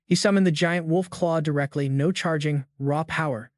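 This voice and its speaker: A man's voice: fairly high pitch, steady tone, normal speed, dry recording, studio quality. Hyped man narrating a recap. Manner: slangy, hyped-up storytelling. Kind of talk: scripted narration.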